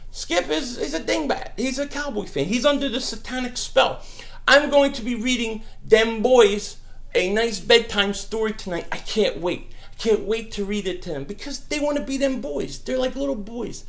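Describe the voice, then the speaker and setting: A young man hosting a casual live-stream Q&A, answering viewer questions about football in a brash, animated way. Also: high voice, gravelly. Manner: animated, brash, mocks trolls.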